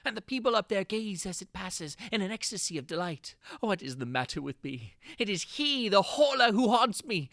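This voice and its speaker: A man giving a dramatic reading of a horror tale, theatrical, swinging from frantic cries to hushed brooding. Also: high voice, sing-song, normal speed, hardly any pauses, no echo, clean studio sound. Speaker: narrator.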